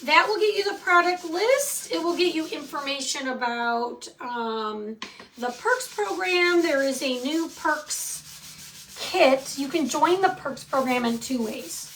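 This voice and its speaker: A woman's voice: high voice, animated, takes it slowly, fairly bright tone, distant mic, slight background noise. A middle-aged woman hosting a live craft tutorial, chatty and answering viewer comments as she works. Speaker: craft tutorial host selling supplies.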